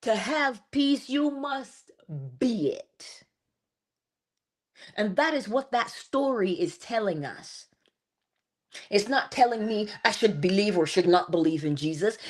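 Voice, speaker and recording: A middle-aged woman hosting a morning inspiration livestream, giving a spiritual talk in an animated, preacher-like way with laughs and asides. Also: medium pitch. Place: home, early morning.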